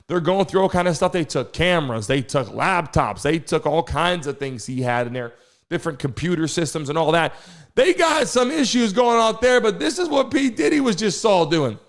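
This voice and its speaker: A high-pitched man hosting a live sports news stream. He talks in a loose, excitable way and keeps tossing rhetorical questions to his viewers. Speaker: host.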